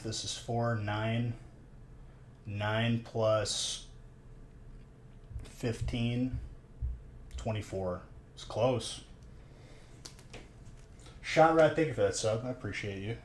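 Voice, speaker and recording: A man's voice: lowish voice, slow, long pauses, noisy background. A man with a stuffy nose chatting casually on a live stream while opening trading card packs and thanking viewers.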